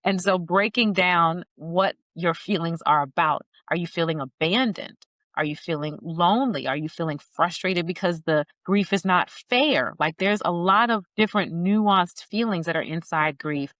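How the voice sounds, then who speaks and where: A woman's voice: fairly low pitch, moderate pace, a bit bright, no room sound. A middle-aged woman speaking as a grief coach in an interview, earnest and storytelling, acting out bits of dialogue. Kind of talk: conversational interview.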